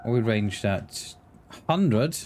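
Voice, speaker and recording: A man's voice: on the low side, animated, slow pace, very noisy. A man streaming a survival game, chatting casually with his viewers in a rambling way, often restarting his words. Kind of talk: casual livestream chat while gaming.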